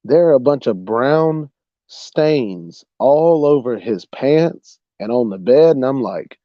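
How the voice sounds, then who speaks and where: A man's voice: mid-range voice, takes it slowly, no room sound. Dull-sounding young man telling a story. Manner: animated, says "bro" a lot, laughs while telling. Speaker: livestream host. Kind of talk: casual storytelling chat.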